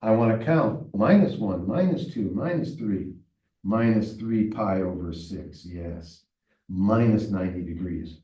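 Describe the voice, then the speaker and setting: A man's voice: lowish voice, expressive, a little slow, lo-fi sound. A male math teacher working through problems aloud in a recorded lesson, chatty and talking to himself as he solves. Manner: thinking aloud, chatty and self-talking while solving. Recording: echoey room, mic far off.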